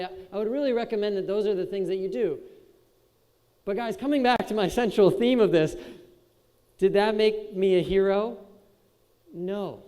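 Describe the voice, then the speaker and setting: Young man from Wisconsin, high voice, casual joking keynote speaker, hall reverb. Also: mellow. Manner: casual and joking, chats with the crowd. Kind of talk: motivational speech to a youth audience. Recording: echoey hall with long reverb.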